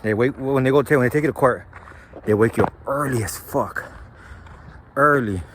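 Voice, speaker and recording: A man's voice: mid-range voice, normal speed, noisy background. A man telling a story from his own life in a loose, slangy, profane way. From San Gabriel Valley, California. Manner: laid-back, slangy and profane, loose rambling delivery. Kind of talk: casual storytelling monologue.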